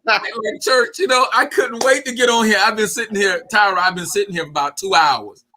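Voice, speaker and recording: A man speaking as an invited poet, effusive and excitable, his voice breaking with emotion as he pays tribute on a video call. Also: sits high, brisk, slight background noise. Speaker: guest poet.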